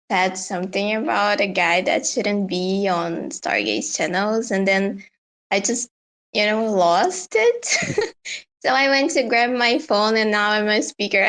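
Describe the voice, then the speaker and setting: A woman's voice: fairly high pitch, fairly bright tone. A woman joining a live audio chat as a speaker, hesitant and giggly, with lots of fillers. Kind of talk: casual chat.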